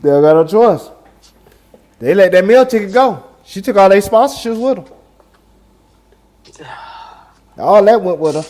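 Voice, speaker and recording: A man with a notably high voice co-hosts a live sports stream. He is laid-back. He mostly backs up his partner with short agreements and brief comments. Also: expressive, unhurried, long pauses, darkish tone. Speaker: sports talk show co-host.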